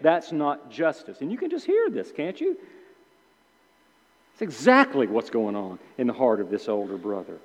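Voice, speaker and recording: A man preaching a sermon in an animated way, acting out the characters' complaints with sudden emphatic outbursts. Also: medium pitch, normal speed, long pauses. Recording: dull sound with long hall reverb.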